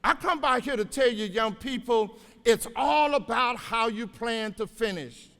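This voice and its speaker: Older male educator, high voice, folksy motivational commencement speaker, long hall reverb. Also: a little slow, fairly bright tone, clean tone. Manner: folksy storytelling, exhorting the crowd. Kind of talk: motivational graduation speech. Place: large auditorium.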